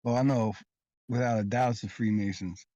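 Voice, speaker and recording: Guy rambling on insistently, repeats himself a lot, kinda low voice, muffled dry sound. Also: steady tone, brisk, warm tone, no room sound. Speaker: interview guest. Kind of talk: casual storytelling in interview.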